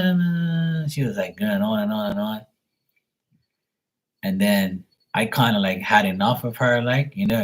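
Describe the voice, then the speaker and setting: A man chats casually on a live stream, spinning loose anecdotes full of swearing and laughing at his own punchlines. His voice sits a little low and has a husky, breathy edge. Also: poor audio. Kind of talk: casual storytelling chat.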